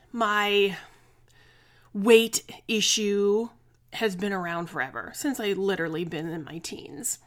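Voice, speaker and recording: A woman's voice: on the high side, fairly bright tone. A woman in her forties hosting a casual solo podcast, talking candidly and chattily, venting her frustration and swearing freely. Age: 40s. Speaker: podcast host.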